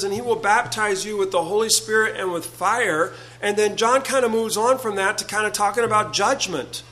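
A man preaching a sermon, earnest and halting, often repeating words as he builds a point. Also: sits high, a bit bright, rough recording.

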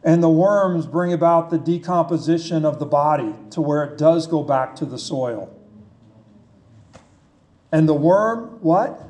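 A man preaching a sermon in a slow, conversational way, asking his listeners questions. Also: fairly high pitch, a little mellow. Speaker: pastor.

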